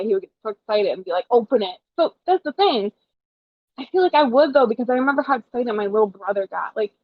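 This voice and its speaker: A young woman co-hosting a podcast in casual chat, talking in a chatty way with animated retellings and plenty of fillers. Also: a little high, no room sound. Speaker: podcast co-host. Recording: dull lo-fi podcast audio.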